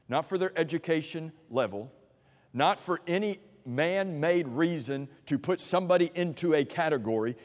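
A man preaching a sermon in an animated way, swinging from emphatic peaks to quiet asides, in a church sanctuary. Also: on the high side, long reverb tail.

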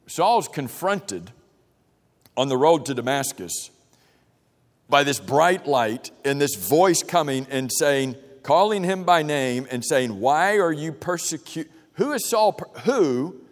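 A man's voice: medium pitch, animated, unhurried. Man teaching a Bible class in a reverberant room. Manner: conversational, questions the group, frequent restarts. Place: church meeting room with a projector. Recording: long reverb of a large room.

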